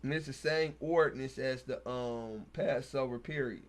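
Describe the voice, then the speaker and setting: A man's voice: medium pitch, moderate pace. A man, hosting a casual Bible study, reading verses aloud and then riffing on them in loose, slangy talk. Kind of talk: casual scripture reading and commentary.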